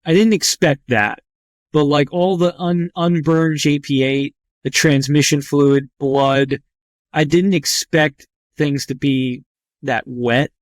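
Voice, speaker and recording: A man's voice: fairly high pitch, fairly even intonation, takes it slowly, no echo. A man who is a trauma surgeon, telling a story in a candid, rambling and profane way, full of "like" fillers. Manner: vivid, tense recounting. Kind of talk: candid first-person storytelling.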